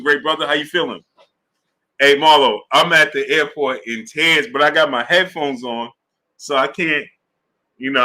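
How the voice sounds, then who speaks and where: Animated, bright-voiced man hosting a live stream. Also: mid-range voice. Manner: animated, talks to chat viewers by name. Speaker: sports live-stream host. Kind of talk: casual live-stream commentary.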